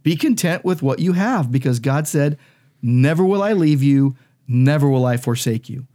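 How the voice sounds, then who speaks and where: A man's voice: medium pitch, expressive, normal speed, mellow. A man, a pastor and podcast co-host, explaining Bible verses in an emphatic, conversational teaching style. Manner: emphatic, explanatory, reads scripture aloud.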